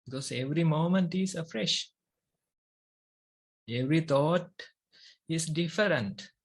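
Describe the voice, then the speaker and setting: Monk, Sri Lankan accent, Sinhala native; slow, gravelly, measured meditation teacher. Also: male voice, on the high side. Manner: slow, measured delivery with long pauses. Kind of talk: meditation talk.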